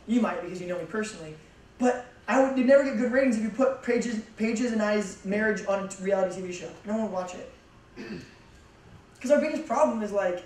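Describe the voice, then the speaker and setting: A young youth pastor gives a laid-back, jokey but emphatic sermon. His voice rings around a big echoing church hall and is picked up from a distance. A faint hiss runs underneath. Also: high-pitched. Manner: casual, joking, emphatic. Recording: echoey hall from far off.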